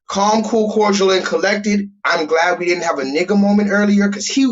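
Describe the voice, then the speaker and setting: A man hosting a livestream, ranting loudly and bluntly with lots of profanity while talking to his chat. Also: high-pitched, steady tone, moderate pace. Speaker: livestream host. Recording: dull lo-fi stream audio.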